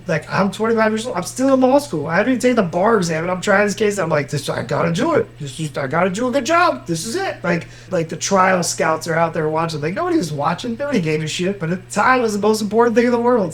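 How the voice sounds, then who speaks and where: A man's voice: sits high, quick pace, few pauses, poor audio. A man with a Miami accent, a lawyer and podcast co-host, telling courtroom stories in a casual chat. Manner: animated storyteller, acts out quotes.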